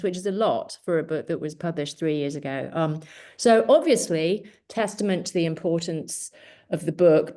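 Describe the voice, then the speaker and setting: A woman's voice: fairly low pitch, a little mellow. Chatty woman hosting an online workshop. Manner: chatty, many fillers, dry humor. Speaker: workshop host. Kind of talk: casual online talk. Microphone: video call.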